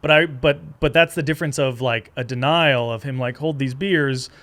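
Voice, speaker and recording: A middle-aged man chatting casually as a guest, telling lively stories and slipping into character voices. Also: brisk. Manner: animated storytelling, jumps into high-pitched character voices. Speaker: guest, comedic actor. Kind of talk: casual chat.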